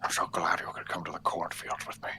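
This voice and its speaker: A man voicing a sinister disembodied voice in a slow, menacing whispered role-play. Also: pushed and bright. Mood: mocking.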